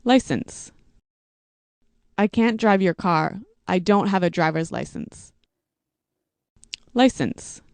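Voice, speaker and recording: A woman reading vocabulary words and example sentences for English learners, in a slow, deliberate, evenly paced way. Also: fairly low pitch, gravelly, no echo. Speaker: English teacher.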